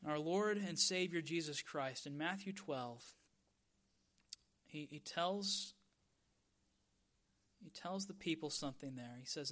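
A man preaching a sermon as pastor, stressing key words by drawing them out slowly. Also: on the high side, fairly bright tone.

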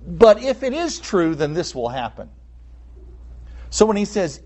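A man preaching a sermon, explaining a text in an expressive way and acting out the people he quotes. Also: high voice, normal speed. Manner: explanatory, with asides and fillers. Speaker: pastor.

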